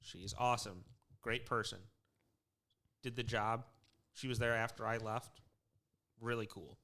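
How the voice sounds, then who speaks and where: A man who once worked in social work, telling a long work story in casual chat with many fillers, restarts and frequent throat clearing. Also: medium pitch, fairly even intonation, measured pace, sharp tone. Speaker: podcast co-host.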